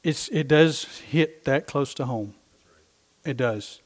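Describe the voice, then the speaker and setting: A man's voice: mid-range voice, takes it slowly. A middle-aged male pastor preaching a sermon, impassioned and emphatic, repeating his phrases for effect.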